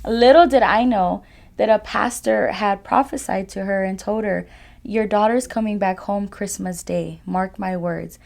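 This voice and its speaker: A woman's voice: mid-range voice, unhurried, creaky, a little mellow. A young woman giving a personal testimony as a podcast guest, talking casually with frequent "like" and "you know" fillers. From California.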